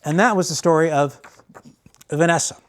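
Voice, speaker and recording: A man's voice: fairly high pitch, normal speed. Candid man telling a personal story. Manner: candid, rambling with restarts and acted quotes.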